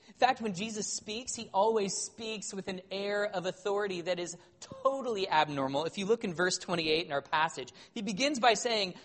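Animated preacher in a reverberant hall. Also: male voice, sits high, moderate pace. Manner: animated, conversational, with wry humor. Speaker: pastor. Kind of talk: sermon.

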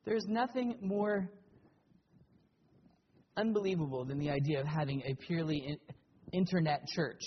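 A man preaching a sermon as pastor, earnest and animated, telling personal stories with emphatic swells. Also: normal speed, long pauses, big-room sound, highs cut off, a little hiss or hum. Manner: animated storytelling with emphatic rises in pitch and loudness.

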